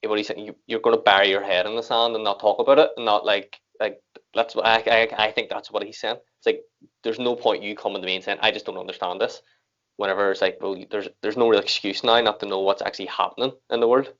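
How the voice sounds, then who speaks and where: A man's voice: lowish voice, fairly even intonation, fast, fairly bright tone. An Irish man hosting a reaction video, chatting casually and rambling with lots of fillers and restarts. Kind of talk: casual chat. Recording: dull lo-fi audio.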